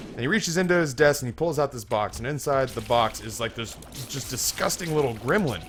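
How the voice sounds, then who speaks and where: A man's voice: medium pitch, expressive, brisk, hardly any pauses, a bit bright, soft background music. Rambling male game commentator. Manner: rambling, stammering restarts. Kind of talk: casual gameplay commentary and joke telling.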